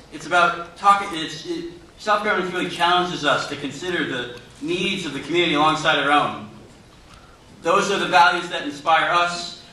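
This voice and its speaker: A man's voice: a little high, a little hiss or hum. A student in his twenties giving an earnest prepared speech to introduce a speaker, stumbling a little. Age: 20s. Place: large room with a cheering crowd. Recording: echoey hall, distant mic, loud crowd.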